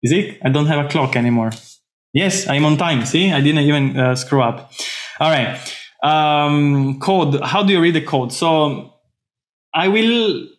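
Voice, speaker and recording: Playful lecturer with a higher voice. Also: male voice, a little slow. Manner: animated, playful, jokey with put-on Italian phrases; frequent restarts and tag questions. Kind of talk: university lecture. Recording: echoey room.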